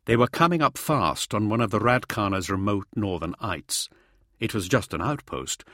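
A man's voice: low voice, sharp tone, no echo, studio quality. A man narrating a fantasy audiobook with vivid, dramatic storytelling.

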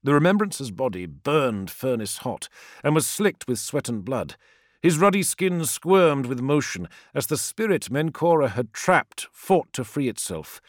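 A man giving dramatic, expressive audiobook narration. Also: mid-range voice, a little slow, dry recording, clean studio sound. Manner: expressive storytelling.

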